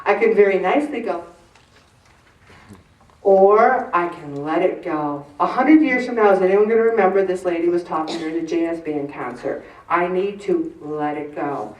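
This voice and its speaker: A woman in her sixties leading a faith-based group talk, animated and acting out the voices she quotes. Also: on the low side, normal speed, dull audio. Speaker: faith-based weight-loss group leader. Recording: roomy room, mic far off.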